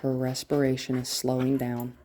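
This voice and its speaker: A woman's voice: extremely low pitch, normal speed, a little hiss or hum. A woman dog trainer giving a demonstration indoors, explaining step by step and often checking in with "right?". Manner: drops to a soft whisper to calm the dog. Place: indoors in a house.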